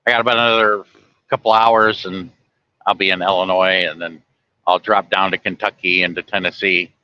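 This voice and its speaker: Livestreaming from his truck cab on the highway, a truck driver rambles casually and folksily to viewers. His voice sits low with a flat delivery at a moderate pace, and the recording is dry with the highs cut off.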